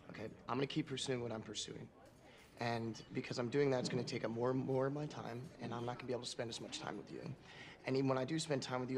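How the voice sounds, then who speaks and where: An actor playing a driven young male drummer, calmly laying out a matter-of-fact breakup. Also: mid-range voice, vocal fry, natural voice. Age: young adult. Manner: matter-of-fact, rapid, reasoned breakup speech. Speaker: film character. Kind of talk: film drama acting.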